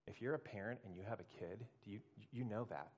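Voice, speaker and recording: A man preaching a sermon as pastor, animated and acting out the voices he quotes, from swelling to hushed. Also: on the low side, fast, husky, dull audio.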